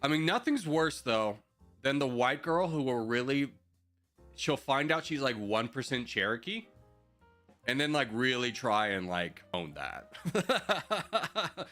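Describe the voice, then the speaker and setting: A man's voice: mid-range voice, sing-song, slow pace, sharp tone, soft background music. A man streaming a strategy game live, chatting with viewers in joking mock rants and laughing often.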